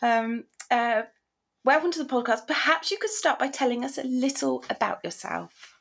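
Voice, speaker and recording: High, husky woman podcast host. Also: normal speed. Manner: hesitant, with ums and giggles. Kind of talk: casual podcast intro.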